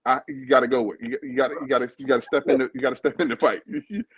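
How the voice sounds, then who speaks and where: A man's voice: mid-range voice, steady tone, very fast, slightly rough, dry recording, rough recording. A man hosting a casual live-stream chat, talking emphatically and repeating words as he stumbles over his thoughts. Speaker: host reviewing a reality show.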